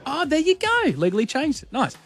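A man's voice: very high voice, sing-song, fairly quick. A man hosting a radio show, quizzing a caller with playful, stammering banter. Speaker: radio host.

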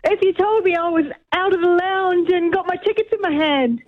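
A woman calling in to a radio show, excitable and laughing. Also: very high voice, moderate pace, narrow, tinny audio. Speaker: caller, contest winner. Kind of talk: live radio phone call.

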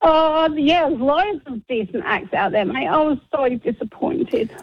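Chatty aussie woman on the phone, high voice, muffled line. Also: animated, a little slow, no room sound. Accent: Australian. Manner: friendly, chatty. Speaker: caller.

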